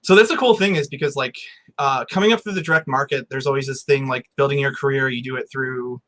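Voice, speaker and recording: Chill guy guest, bright tone, says like a lot, kinda rambly. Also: medium pitch, fast. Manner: laid-back, full of "like" and fillers. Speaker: guest author. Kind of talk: casual chat.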